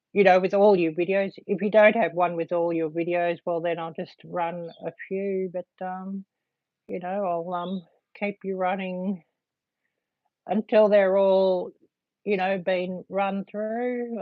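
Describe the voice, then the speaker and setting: A woman hosting a casual livestream, chatting to viewers in a halting way full of ums. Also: lowish voice, no room sound. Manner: halting, filled with frequent ums. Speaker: livestream host. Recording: dull lo-fi dry sound.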